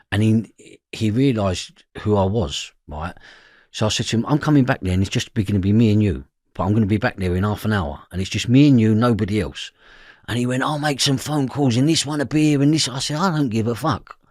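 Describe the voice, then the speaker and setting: A man's voice: lowish voice, brisk, a little mellow, dry recording, studio quality. A man with a London Cockney accent, telling a story as an interview guest, acting out the voices in his quotes and swearing freely. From East London, England.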